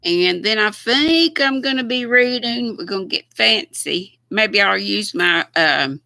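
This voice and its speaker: A woman's voice: mid-range voice, expressive, measured pace, vocal fry, bright, forceful tone, no room sound. An older woman with a Southern US accent, chatting casually and folksily with viewers on her livestream, often laughing. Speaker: livestream host.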